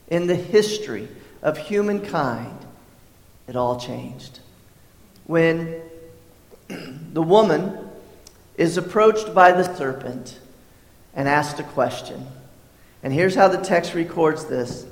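Male pastor, high voice, chatty sermon delivery with restarts and throat-clearing, roomy hall reverb. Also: measured pace, pauses often. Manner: conversational, repeats words, clears throat often.

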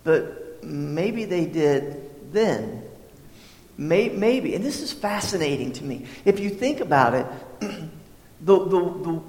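Male pastor, high voice, chatty sermon delivery with restarts and throat-clearing, roomy hall reverb. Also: a little mellow. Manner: conversational, repeats words, clears throat often.

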